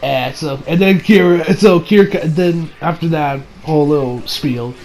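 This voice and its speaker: A man's voice: a little high, moderate pace, crowd noise, poor audio. A man giving a casual recap of an anime episode. He rambles and keeps correcting himself. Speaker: anime reviewer.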